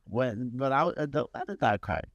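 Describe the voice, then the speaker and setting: Late-teens male co-host, playful and defensive, mid-pitched, dry. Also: expressive, normal speed, fairly bright tone, no room sound, muffled recording. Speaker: podcast co-host. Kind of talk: casual chat.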